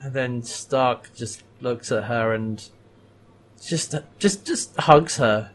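A man's voice: medium pitch, takes it slowly. A man in casual podcast chat, recapping a TV episode and animatedly acting out lines. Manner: animated, acts out quoted lines with laughs.

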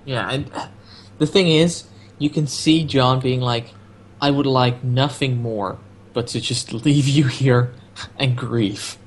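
A man's voice: mid-range voice, fairly even intonation, slow pace, slight background noise. A man co-hosting a casual podcast, chiming in with dry remarks and jokey asides about a TV episode. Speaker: podcast co-host. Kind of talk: casual chat.

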